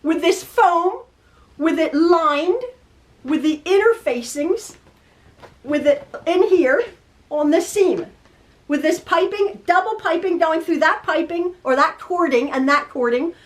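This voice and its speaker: A middle-aged woman with a high voice tells a story to camera in a casual, chatty way. She laughs often and wanders off into asides as she goes. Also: animated, slow pace. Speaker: quilting video host.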